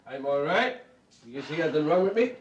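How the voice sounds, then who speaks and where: An actor playing a drunk, boastful middle-aged Orangeman tenant, swaggering and loud. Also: on the high side, very animated, a little fast, husky, highs cut off. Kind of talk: stage play acting.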